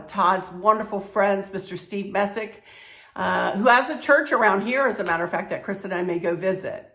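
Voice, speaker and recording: A woman with a Southern American accent and a hoarse, strained voice, chatting casually to camera as a home decor vlogger, rambling with many fillers. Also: medium pitch, a bit bright, roomy sound.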